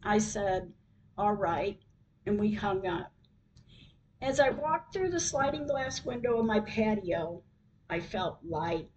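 An older woman hosting a podcast, reading a personal story aloud in a slow, measured way. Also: mid-range voice, expressive, darkish tone, lo-fi sound, a little hiss or hum. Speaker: podcast host.

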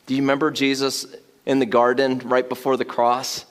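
A man's voice: mid-range voice, moderate pace. Conversational male preacher. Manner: conversational, builds to loud excited emphasis with laughter. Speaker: pastor. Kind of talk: sermon.

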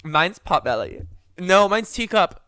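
A man's voice: high voice, measured pace, clear, resonant tone, dry recording, clean studio sound. A young man co-hosting a podcast, talking casually and animatedly with lots of fillers. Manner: animated, rambling with many fillers. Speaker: podcast co-host. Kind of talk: casual chat.

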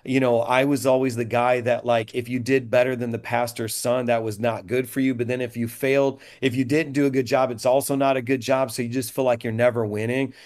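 A man's voice: mid-range voice, little pitch movement, a little fast, hardly any pauses, darkish tone. A middle-aged man who is a pastor, talking reflectively in a podcast with joking asides. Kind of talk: candid podcast conversation.

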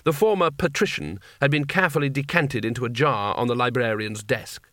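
Casting: measured, wry male audiobook narrator, mid-range pitch, dry studio sound. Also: steady tone, fairly bright tone, dry recording. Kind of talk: scripted narration.

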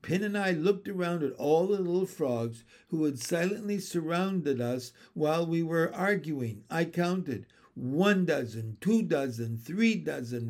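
A man reading a children's novel aloud, dropping to a low, quiet voice for the narration. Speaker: storyteller.

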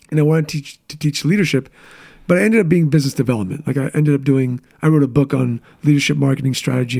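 A man's voice: medium pitch, vocal fry, a little mellow. A man in his thirties, a business coach, telling candid personal stories in a casual interview chat. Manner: candid, storytelling, quick asides.

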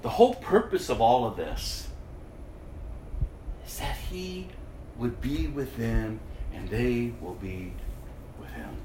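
Male preacher, unhurried sermon, lively higher voice, swings hushed to loud, echoey church hall. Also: a little hiss or hum. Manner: addresses the congregation directly. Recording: echoey room.

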